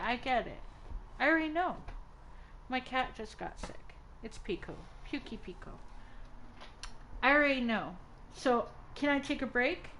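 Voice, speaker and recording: A high-pitched woman talking casually on a stream from home, her thoughts tumbling out in exasperated bursts and restarts. A faint hiss sits under her voice. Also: a bit bright, poor audio. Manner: rambling, exasperated, talks in fits and restarts. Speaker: streamer getting a tarot reading. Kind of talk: casual live-stream chat.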